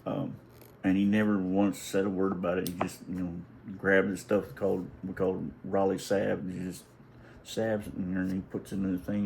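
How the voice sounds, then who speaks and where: A man's voice: deep voice, vocal fry, darkish tone, a little hiss or hum, rough recording. A middle-aged man telling a family story in a casual, rambling, folksy way, restarting often and swearing now and then. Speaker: vlogger.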